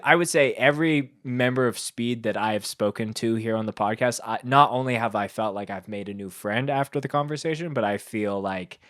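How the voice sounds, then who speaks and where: Effusive podcast host, low dry voice. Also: male voice, fairly bright tone, no room sound. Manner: effusive, rambling, heavy use of "like". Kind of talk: casual podcast chat.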